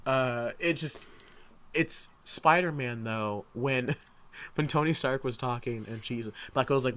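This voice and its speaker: A young man co-hosting a movie podcast, talking in an excitable, rambling way with lots of restarts. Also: on the high side, normal speed. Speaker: podcast co-host. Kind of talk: casual chat.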